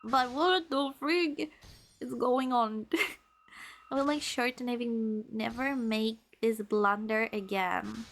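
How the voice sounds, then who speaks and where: A woman's voice: on the high side, slow pace, gravelly, a bit bright, soft background music. A young adult woman streaming a story game, chatting playfully and dramatically with her viewers. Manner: playful, dramatic, teasing with chat.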